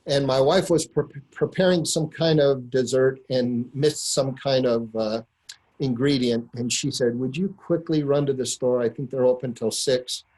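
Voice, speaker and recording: Man, mid-pitched, earnest storytelling, slows for emphasis. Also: fairly even intonation, a little mellow, low-quality recording. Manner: earnest storyteller, slows to stress key words. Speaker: webinar speaker. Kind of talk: storytelling in a webinar talk.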